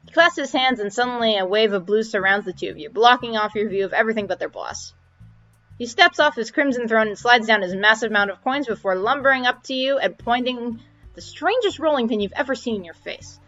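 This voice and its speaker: A woman's voice: a little high, expressive, fairly quick, a bit bright. A woman streamer reading a visual novel aloud, stopping for chatty asides about the game. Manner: chatty asides, laughing at typos. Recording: dull audio with faint game music.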